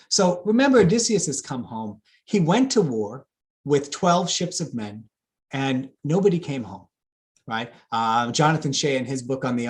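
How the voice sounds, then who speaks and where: Animated male lecturer. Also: mid-range voice. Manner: lively, with fillers and asides to the audience. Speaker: classics lecturer. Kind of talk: public lecture on epic poetry.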